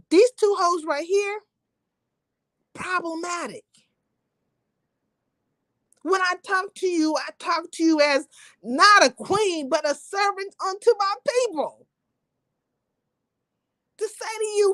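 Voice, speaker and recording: A woman's voice: very high voice, a little slow, pauses often, pushed and bright, no echo. A woman hosting a livestream, talking to her viewers in an emphatic, profane, preachy way. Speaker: livestream host. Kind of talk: impassioned livestream rant.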